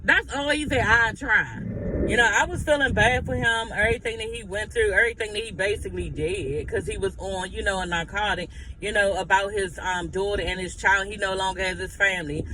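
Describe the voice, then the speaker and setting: A man with a strikingly high voice dishes on reality TV drama, sassy and blunt, peppered with profanity and dramatic asides. The recording is noisy, with outdoor city sounds and vehicles clearly audible behind him. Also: steady tone, a little fast. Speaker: reality TV recap commentator. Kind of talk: casual gossip recap commentary.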